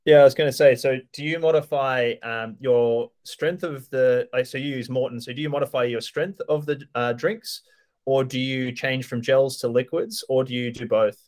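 A man's voice: medium pitch, normal speed, darkish tone. Man host asking rambling questions. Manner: asks questions in rambling rephrasings. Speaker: podcast host. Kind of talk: casual podcast interview.

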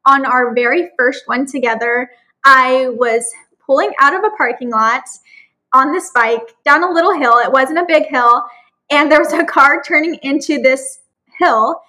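Young woman, casual chat, high voice, bright and crisp, sheepish, self-deprecating. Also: moderate pace, rough recording.

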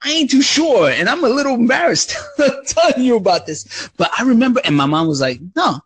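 Husky, lively man telling stories. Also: very high voice, fairly quick, no room sound. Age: adult. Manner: animated, profane, acts out childhood voices. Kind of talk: casual storytelling chat.

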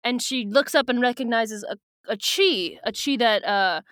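A woman's voice: a little high, normal speed, a bit bright, dry recording, studio quality. A young woman co-hosting a podcast, recapping a book in a giggly, irreverent, swearing chat. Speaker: podcast co-host.

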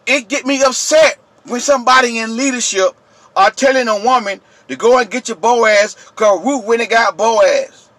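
Man with aave yelling at his viewers, high bright voice, dry sound. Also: normal speed, dry recording. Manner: yelling, preachy, repetitive, addresses viewers directly. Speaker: channel host. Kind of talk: impassioned vlog rant.

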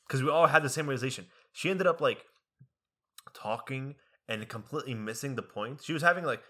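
A young man with a bright, forceful voice tells a classroom story in casual chat. He is animated and exasperated and acts out the other people's lines as he goes. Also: medium pitch, a little fast. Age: young adult. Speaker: college student.

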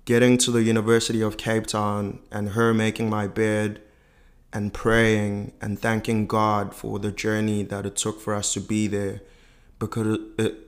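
Young male podcast guest from South Africa, low and even delivery, reflective and halting. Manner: reflective, halting, with many fillers. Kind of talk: personal storytelling in a podcast interview.

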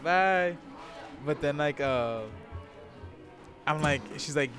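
A man's voice: a little high, slow pace, a bit bright, faint music behind. A man talking as a podcast guest in casual chat, laid-back, swearing a lot and laughing at himself.

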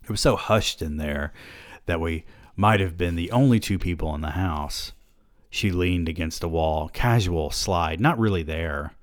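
A man's voice: low voice, a little slow, no echo. A man hosting a podcast who reads a novel aloud in a dry, wry way and breaks in with asides, on a close microphone.

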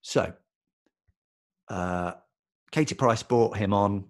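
A British man co-hosting a podcast, chatting casually and telling an animated story with frequent laughter. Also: lowish voice, slow. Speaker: podcast co-host. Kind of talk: casual chat.

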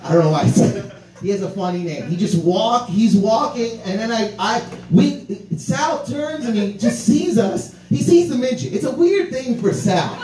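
A man with a high voice tells a rowdy comic story, swearing freely and laughing through his lines. He sits back from the mic, and the room adds a roomy echo. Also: normal speed, distant mic. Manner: animated, profane, laughs through his words.

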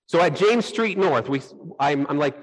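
Man, middle-aged pastor, sermon, lively storytelling, slightly high voice. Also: normal speed, poor audio. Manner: animated storytelling, acts out his own reactions. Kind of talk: sermon with personal stories.

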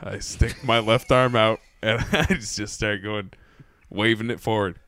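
A man's voice: on the low side, steady tone, measured pace, fairly bright tone, clear, resonant tone, dry recording. A man telling stories in a casual podcast chat, swearing freely and laughing through his own stories into a close mic. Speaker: podcast guest. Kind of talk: casual storytelling. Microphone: podcast mic held close.

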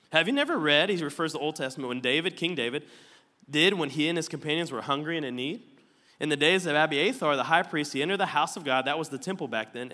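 A man's fairly high, bright voice takes on a forceful tone as he preaches. Acting as pastor in a church auditorium with slides, he's conversational and playful, joking with the congregation, and long hall reverb colors the recording.

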